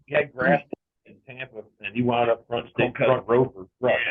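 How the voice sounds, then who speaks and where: A man's voice: medium pitch, normal speed. A man guest in casual chat, telling short stories and quips. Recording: tinny phone-like line.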